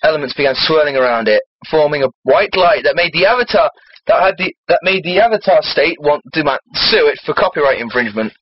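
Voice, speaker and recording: A man's voice: fairly high pitch, lively intonation, fast, a little hiss or hum. A man reading a story aloud for laughs and trading crude joking banter with a co-host. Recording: dull lo-fi recording.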